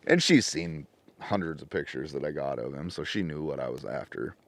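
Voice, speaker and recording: Deep-voiced man telling a hunting story. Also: moderate pace. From Washington State. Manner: animated storyteller who acts out his phone calls. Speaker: podcast guest. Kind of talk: casual storytelling chat.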